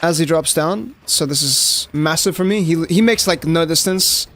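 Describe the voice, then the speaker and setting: A young South African man commentates live on his match at a moderate pace, casually chatting with his viewers and dropping in plenty of "like." His voice is a little high with a gravelly rasp, and the streaming talk is relaxed and unscripted.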